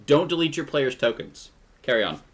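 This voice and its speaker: A man's voice: medium pitch, big pitch swings, moderate pace. A man running a streamed tabletop game as game master, narrating loosely with fillers and frequent laughs.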